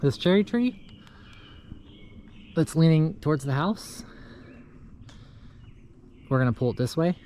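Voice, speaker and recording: Tree crew owner, male, easygoing talker, slightly high voice, clear outdoor job-site noise around him. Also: expressive, unhurried, long pauses, warm tone. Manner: chatty, laid-back, talks while working. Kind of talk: casual work vlog narration. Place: outdoors in a yard. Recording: outdoor work noise behind voice.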